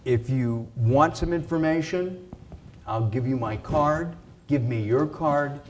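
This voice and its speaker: A man giving a casual live sales pitch for his coaching to an audience, talking in an animated way with fillers and restarts. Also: slight background noise. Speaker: video and speaking coach.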